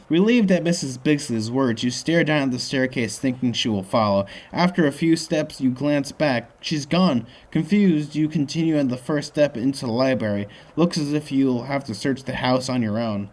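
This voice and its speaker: A man's voice: medium pitch, normal speed, few pauses. A man reading a choose-your-own-adventure book aloud as host, breaking off for joking asides. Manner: jokey asides, lively reading.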